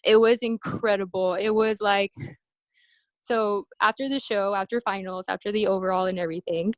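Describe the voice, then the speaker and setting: A woman telling stories from her competition days in a casual interview, acting out quoted voices with animated high-pitched bursts. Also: moderate pace, no echo. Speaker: interview guest, bikini competitor. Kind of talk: casual storytelling.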